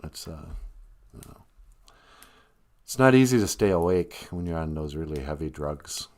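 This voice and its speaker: A man's voice: rumbling low, lively intonation, normal speed, a little mellow. A man with a Minnesotan accent hosting a live stream, rambling through jokes and laughing at them himself. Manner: rambling, joking, laughs at his own jokes. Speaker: host. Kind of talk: comedic live-stream monologue.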